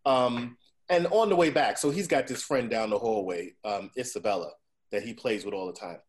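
In a casual podcast chat, a male host in his forties tells profanity-laced stories and leans on "right?" to keep the listener with him. He speaks at a moderate pace with a medium pitch.

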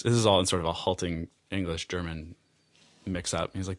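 An American man telling a personal travel story out loud, rambling and animated, often laughing and restarting his phrases. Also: deep voice, normal speed. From United States. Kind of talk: personal story told aloud.

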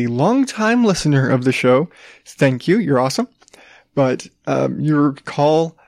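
A man's voice: fairly high pitch, vocal fry, dry recording, studio quality. A man hosting his own podcast, talking in a rambling, joking way with frequent restarts and casual swearing. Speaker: podcast host. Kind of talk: casual solo podcast talk.

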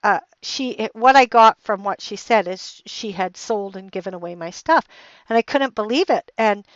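A woman's voice: medium pitch, moderate pace, no echo. A middle-aged woman hosting a podcast, telling a personal story in a rambling way with lots of restarts and fillers, getting heated and emphatic. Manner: heated and emphatic when retelling anger. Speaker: podcast host. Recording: dull, lo-fi dry recording.

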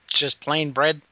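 A man's voice: fairly high pitch, bright, forceful tone, dry recording. A man joining a movie commentary podcast with short, wry remarks in casual chat. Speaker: podcast co-host.

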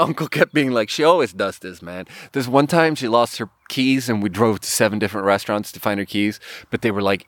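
A man hosting a podcast, telling a funny travel story in a rambling, animated way and laughing at his own punchlines. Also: medium pitch, dry recording, studio quality. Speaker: podcast host. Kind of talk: casual storytelling.

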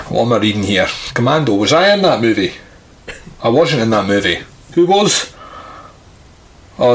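A man doing a crude comic impression of a famous actor, gruff and grumbling. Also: mid-range voice, a bit bright, voice pushed down, lightly acted. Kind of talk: comedy sketch impression.

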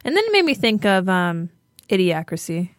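A woman's voice: mid-range voice, very animated, moderate pace, dry recording, clean studio sound. A woman co-hosting a podcast who rambles and giggles as she tells stories in casual chat. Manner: giggly, rambling, full of fillers. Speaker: podcast co-host.

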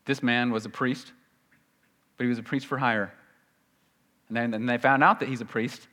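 Delivering a sermon in a Southern US accent, this pastor speaks at normal speed with a steady tone that sounds pushed and bright. He stays earnest and conversational, and his voice leaps higher when he performs quoted voices.

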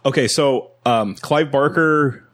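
A man co-hosting a casual movie podcast, animated and laughing as he acts out scenes. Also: medium pitch, takes it slowly. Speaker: podcast co-host.

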